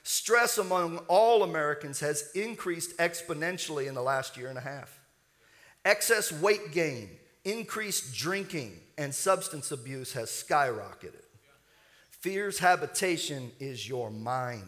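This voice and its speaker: A man's voice: a little high, lively intonation, unhurried, a bit bright. A man preaching a sermon as pastor, building with rising fervor and leading the congregation in call-and-response.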